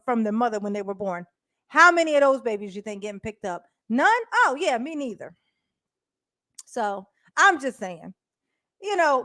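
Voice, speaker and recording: Woman, fairly high voice, dry close sound, blunt and profane, chatting with viewers on a live stream from home. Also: no room sound. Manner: blunt, profane, animated, quick laughs; chats directly with viewers in the comments. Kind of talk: casual live-stream commentary. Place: indoors at home.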